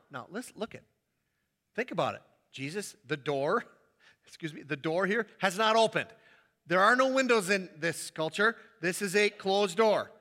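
A man preaches with a high, bright voice that swings widely in pitch. He acts out little scenes, jumping between voices as he tells his story. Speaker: pastor. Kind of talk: sermon.

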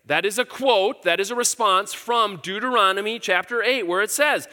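A man's voice: sits high, moderate pace, hardly any pauses, bright, forceful tone. A middle-aged man preaching a casual, earnest sermon, with fillers and repeated words as he explains scripture. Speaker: pastor. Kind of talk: conversational sermon.

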